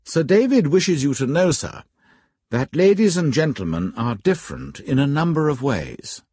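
A man's voice: a little high, sing-song, normal speed, warm tone, husky, no room sound, studio quality, pitched above the performer's own voice, exaggerated voice. A man voicing a formal, dutiful butler who speaks in a stiffly polite way in a storybook reading. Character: formal middle-aged male butler, dutiful.

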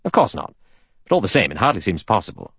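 Man voicing a brash irritable adventurer, rapid delivery, raised pitch, dry. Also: huge pitch swings, slightly rough, no room sound, full character voice.

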